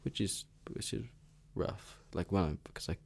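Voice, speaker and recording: A young man rambling casually in a soft, half-whispered ASMR chat, full of fillers and the odd swear word. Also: deep voice, animated, moderate pace, gravelly. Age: young adult. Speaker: ASMR creator.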